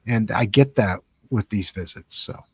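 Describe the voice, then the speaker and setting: A low-voiced man hosts a live stream interview over a video call. He speaks in a relaxed way, leaning on fillers, and the sound is dry and close. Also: a little slow, breathy edge, no room sound. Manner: relaxed, thankful sign-off with fillers. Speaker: host.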